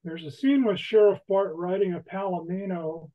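A woman hosting an online trivia game, reading questions slowly and deliberately with a light laugh now and then. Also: fairly low pitch, dull audio. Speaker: trivia host.

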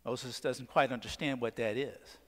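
A man preaching a sermon as pastor, asking the congregation questions and leaning on dramatic pauses. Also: medium pitch, fairly even intonation, fairly bright tone. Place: church. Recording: long church reverb. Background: church sanctuary.

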